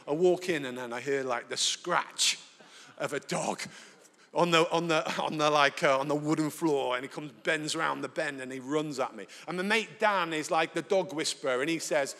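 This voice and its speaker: A male preacher tells a personal story during a live sermon, animated and self-deprecating. His voice sits a little high and rings bright and forceful. A long reverb from the church hall follows his words. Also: normal speed.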